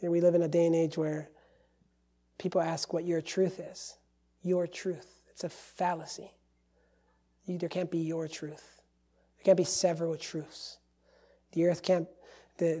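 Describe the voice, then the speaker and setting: A male pastor preaching a sermon with a mellow, warm tone. He drives his points home emphatically, rising to loud declarations and dropping to near-whispered asides. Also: on the high side, level tone, unhurried, long pauses. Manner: emphatic, swings from loud to hushed.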